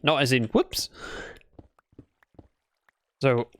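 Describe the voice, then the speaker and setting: A man's voice: medium pitch, big pitch swings, drawn-out words. A British man livestreaming a game, chatting casually in a rambling, playful way and correcting himself as he goes. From Britain. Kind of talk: casual gameplay chat.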